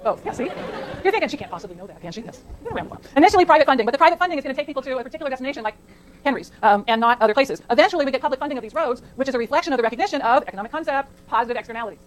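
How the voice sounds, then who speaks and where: A woman's voice: sits high, animated, rapid-fire, a faint crowd, a little hiss or hum, low-quality recording. A middle-aged woman from California giving a chatty classroom lecture, digressing into anecdotes and asking the class questions. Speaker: college lecturer. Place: lecture hall.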